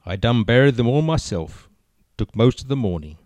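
A man voicing a laconic rural farmer who answers in a slow, flat, matter-of-fact drawl. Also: medium pitch, dry recording, lightly acted. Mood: deadpan.

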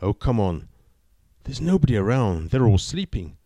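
A man's voice: fairly low pitch, very animated, normal speed, warm tone, no echo, studio quality. A man voicing a young man who begs his date for a good night kiss, in a spoken joke. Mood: coaxing. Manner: wheedling, begging.

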